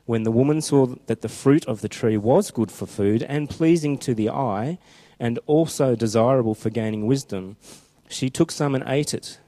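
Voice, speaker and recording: A man preaching a chatty, informal sermon who slows down when reading scripture aloud. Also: mid-range voice, dark tone. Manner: conversational and chatty, slowing down for scripture quotes.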